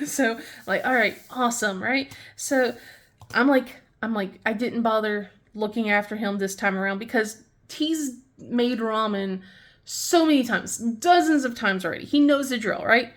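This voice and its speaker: A woman's voice: fairly high pitch, moderate pace. A woman chatting casually as a craft channel host, rambling and laughing often. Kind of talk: casual chat while crafting.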